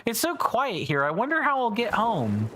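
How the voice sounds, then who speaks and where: A woman reading the lines of a cheerful little male mushroom explorer from a video game in a lightly raised, bouncy voice, barely changing her own. Her pitch swings widely as she goes. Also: wildly swooping pitch, normal speed, noisy background. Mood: cheery.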